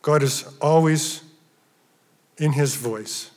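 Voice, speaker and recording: A man preaching a sermon with emphatic stresses that drop at times to hushed, near-whispered phrases. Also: fairly high pitch, slow. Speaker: pastor. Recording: reverberant church hall.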